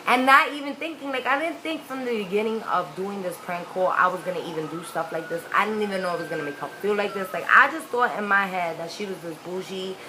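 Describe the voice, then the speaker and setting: A woman's voice: medium pitch, bright, forceful tone, poor audio. A young woman telling a personal story in a casual, candid, profane way, rambling with lots of "like"s. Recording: faint background noise.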